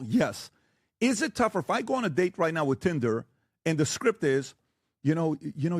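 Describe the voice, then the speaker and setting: A man debating on a talk show, who lectures forcefully and keeps firing rhetorical questions and blunt warnings. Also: on the high side, no echo, clean studio sound. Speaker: podcast guest debating the host. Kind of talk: heated debate.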